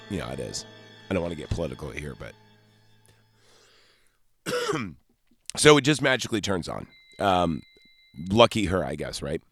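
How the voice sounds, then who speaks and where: A man's voice: deep voice, fairly bright tone, dry recording. A man hosting a podcast, recapping a horror movie in a rambling, joking way with lots of fillers. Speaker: podcast host.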